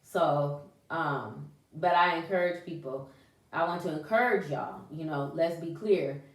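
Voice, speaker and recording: A woman with a fairly low voice gives a casual, encouraging vlog talk. She speaks in an animated, folksy way and sprinkles in churchy exclamations. The sound is roomy and echoey, with her voice a little distant from the microphone. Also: a little slow. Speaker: vlogger. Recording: echoey room, voice away from mic.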